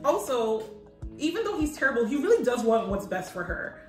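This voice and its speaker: A woman's voice: on the high side, sing-song, brisk, roomy sound, over music, poor audio. A woman co-hosting a podcast in casual chat, gushing and laughing often. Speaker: podcast co-host.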